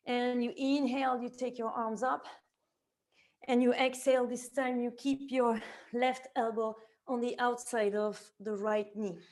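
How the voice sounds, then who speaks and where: Woman, yoga teacher, unhurried delivery, slightly high voice, gentle breath-led cues. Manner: calm step-by-step cueing tied to the breath; gentle, reassuring, offers options. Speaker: yoga teacher and somatic therapist. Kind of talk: guided yoga class instruction.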